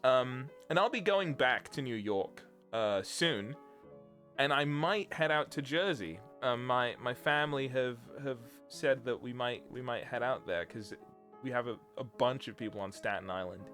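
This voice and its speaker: A man's voice: medium pitch, unhurried, a bit bright, soft background music. A young British man, a streamer, rambling through a casual chat and laughing often. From Britain.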